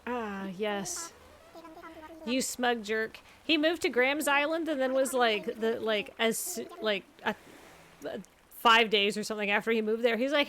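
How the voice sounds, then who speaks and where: A woman's voice: on the high side, moderate pace, a bit bright. A woman hosting a stream, chatting casually and enthusiastically, often gasping in delight. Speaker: stream host. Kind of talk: casual chat.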